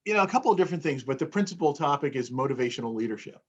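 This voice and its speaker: Very fast and husky, with lively intonation and a pitch on the high side, a male motivational speaker chats in a casual interview. To explain his point, he acts out phrases to show different tones. The highs are cut off.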